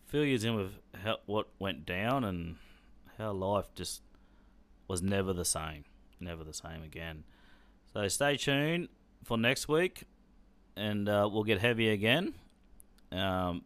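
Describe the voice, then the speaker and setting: Deep-voiced Australian man, blunt and sweary. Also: a bit bright. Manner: blunt, heavy swearing, rambling with fillers. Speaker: podcast host. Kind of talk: casual personal storytelling.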